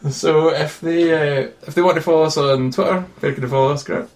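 A man's voice: on the high side, fairly quick, slight background noise. A man co-hosting a casual film podcast, joking and laughing often. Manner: jokey, laughs often, animated. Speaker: podcast co-host.

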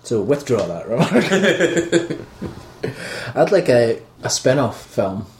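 Co-host, mid-pitch, wisecracking and laughing through lines; roomy echo, faint hiss. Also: male voice, expressive, slow, a little mellow. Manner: joking, riffing, laughs mid-sentence. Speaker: film commentary co-host. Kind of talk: casual chat. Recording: echoey room.

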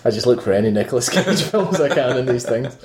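A man's voice: medium pitch, animated, fast talker, darkish tone. A man co-hosting a casual film review podcast, teasing and joking, laughing often. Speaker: podcast co-host. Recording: roomy echo.

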